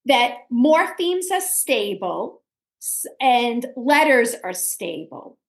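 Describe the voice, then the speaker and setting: Her pitch fairly high and sing-song, this Brooklyn-born host with a New York accent talks slowly through a casual interview, umming while she looks through her notes. The recording has a roomy sound.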